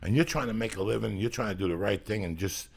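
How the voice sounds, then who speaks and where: A man's voice: fairly low pitch, quick pace, vocal fry, a loud crowd. A middle-aged man hosting a podcast, telling profane stories in casual chat. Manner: profane, animated storyteller. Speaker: podcast host.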